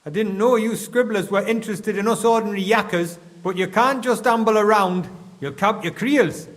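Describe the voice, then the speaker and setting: An actor playing a gruff, suspicious middle-aged mine foreman with a Geordie accent and blunt dialect slang. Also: high-pitched, moderate pace, in a large hall, natural voice.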